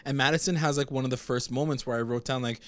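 A man's voice: medium pitch, steady tone, fast talker, a bit bright. A man co-hosting a casual chat, retelling an episode with lots of fillers and quoted lines. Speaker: podcast co-host.

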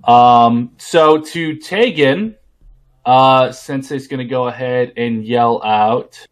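Halting man game master. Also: medium pitch. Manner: halting, many fillers. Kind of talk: narrating a tabletop game.

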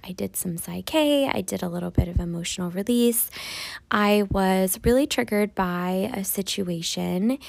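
A woman's voice: medium pitch, darkish tone, dry recording. A woman hosting a spiritual podcast in a casual, rambling monologue. She is sniffly after crying, and her talk is playful and full of laughs. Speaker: podcast host.

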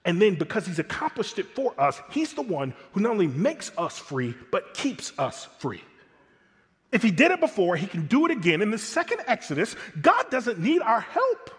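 A male pastor delivers a sermon with a high voice that swoops up and down. He talks to the congregation casually and throws in slangy asides. His voice echoes around a large hall. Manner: animated, conversational preaching with colloquial asides.

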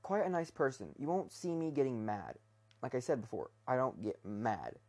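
A man's voice: medium pitch, sing-song, normal speed, dark tone. Rambling young man ranting in his bedroom. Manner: meandering, hesitant, full of restarts and fillers. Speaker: vlogger. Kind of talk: casual rambling rant.

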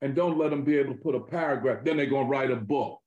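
A man talking politics in an animated, emphatic way, full of street slang and swearing. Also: mid-range voice, fast, echoey room, highs cut off. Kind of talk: political conversation.

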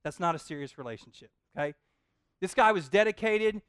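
A man preaching a sermon in an animated, joking way, often repeating his words. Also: high voice, a little fast, clean tone, no echo, studio quality. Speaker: pastor.

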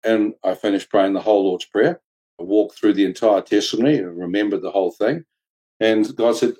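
A man telling a personal testimony in casual, excitable storytelling, laughing often and jumping into high voices when he quotes people. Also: a little fast, slightly rough, poor audio. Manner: colloquial slang, "mate", "flippin'".

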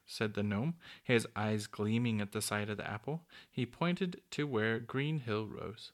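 A man reading a children's story aloud, steady with small slips and restarts. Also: fairly low pitch, unhurried, hardly any pauses. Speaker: narrator.

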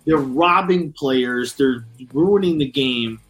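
A man's voice: medium pitch, takes it slowly, soft background music, rough recording. A young man co-hosting a sports podcast, ranting heatedly with lots of cursing and stumbling restarts. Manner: heated, profane, rambling with restarts. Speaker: podcast co-host. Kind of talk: casual sports rant.

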